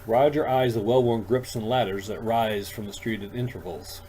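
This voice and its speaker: A man, an author, reading his own science fiction story aloud in a calm, even storytelling manner. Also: fairly low pitch, moderate pace, slight background noise, rough recording. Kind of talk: audiobook narration.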